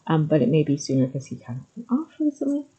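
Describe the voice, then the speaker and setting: A middle-aged woman talks candidly to the camera in a relaxed, mellow voice. She hesitates with frequent ums, then presses her points emphatically. The recording sounds slightly muffled and lo-fi. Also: low voice, fast, breathy edge. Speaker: vlogger sharing personal story. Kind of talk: candid personal talk to camera.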